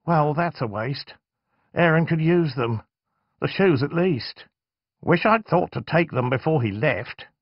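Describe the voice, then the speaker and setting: A man doing a prim, sharp-tongued mother. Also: fairly high pitch, lively intonation, measured pace, dry recording, muffled recording, voice pushed up. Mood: fretful. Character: stern, anxious mother, middle-aged woman.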